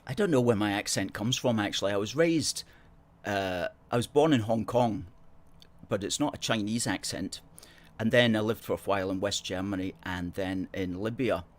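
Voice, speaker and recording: A man's voice: fairly low pitch, normal speed. A middle-aged man hosting a live stream, chatting casually and playfully as he reads out viewer comments. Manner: playful, chatty, self-mocking. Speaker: host.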